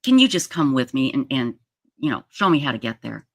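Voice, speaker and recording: A woman's voice: very deep voice, sing-song, fairly quick, heavily acted. A woman putting on the voice of a friendly young male stranger who keeps pushing her to come along. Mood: coaxing. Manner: casual, pushy asking.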